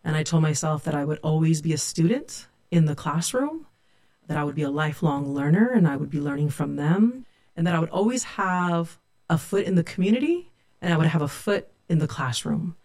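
A middle-aged sociology professor from California tells her own story, reflective and candid. Her voice is low, animated and brisk, with a slightly mellow quality.

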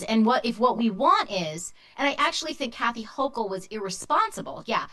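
A woman lawyer speaking as a panel guest, measured and analytical as she argues a point. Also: fairly high pitch, a bit bright, poor audio. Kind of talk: panel discussion.

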